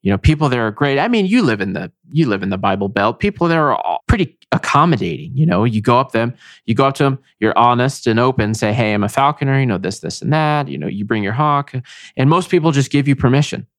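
A man's voice: medium pitch, expressive, fast talker, no echo, clean studio sound. A man hosting a podcast, chatting casually and enthusiastically. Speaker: podcast host. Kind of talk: casual chat.

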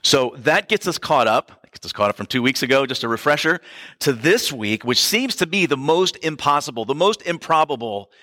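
Male pastor, bright forceful voice, dry close sound, chatty sermon with asides to the room. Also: mid-range voice, animated, a little fast, dry recording. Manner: conversational preaching with asides to the congregation.

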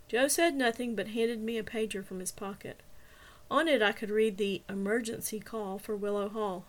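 A woman, the author, narrating her own novel in the first person with steady, measured storytelling. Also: mid-range voice. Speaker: author and reader.

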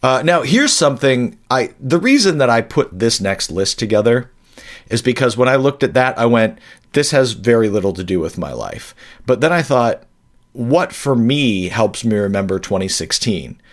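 A man's voice: medium pitch, expressive, moderate pace. A man co-hosting a podcast in casual chat, rambling along with dry humor and frequent self-corrections. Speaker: podcast co-host.

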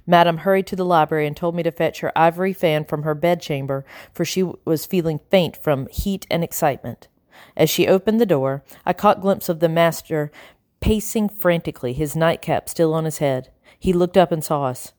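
A woman reading an audiobook in a measured, expressive narrating style. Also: low voice, no room sound, clean studio sound. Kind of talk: scripted narration.

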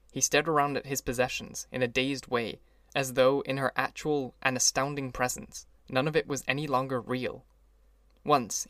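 A man reads a classic novel aloud in an audiobook. His storytelling is measured and even, at a middle pitch. The recording is close and dry, with no room sound. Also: dry recording. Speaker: audiobook reader. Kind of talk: scripted narration.

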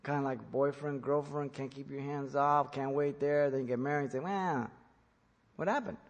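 A man preaching an expository sermon in church, emphatic, rising to loud peaks when quoting. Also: mid-range voice, little pitch movement, a little fast, big-room sound, muffled recording. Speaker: pastor.

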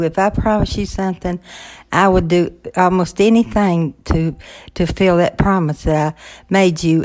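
An older woman with a lowish voice chats from an office. She speaks plainly in a homespun way, pausing and restarting often. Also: a little mellow. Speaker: podcast co-host. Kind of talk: casual chat.

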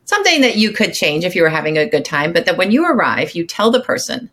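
A woman guesting as a relationship coach, sharing advice in an upbeat, quick conversational way. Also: on the low side, sing-song, fairly bright tone. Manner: upbeat and advice-giving, speeds up when making a point. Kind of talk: casual conversational interview.

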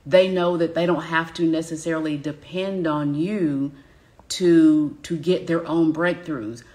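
Southern woman, business coach, low voice, emphatic live-teaching delivery. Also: fairly even intonation, unhurried, darkish tone. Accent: Southern American. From Southern United States. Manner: emphatic, addresses audience directly with repeated check-ins.

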